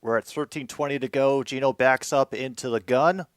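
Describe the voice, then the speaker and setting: A man hosting casual live commentary on a football game, moving from dry asides to excited outbursts. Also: mid-range voice, moderate pace, no room sound.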